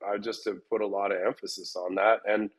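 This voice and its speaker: A man's voice: on the low side, level tone, brisk, rough recording. A middle-aged man, a fight gym coach, answering interview questions in a rambling way, often restarting and repeating words. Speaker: MMA gym head coach.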